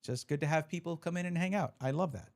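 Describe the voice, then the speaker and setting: This live-streamer's voice is fairly high-pitched and darkish, and he talks at a quick pace. He chats casually as he opens card packs, reading viewer messages out loud and often starting over.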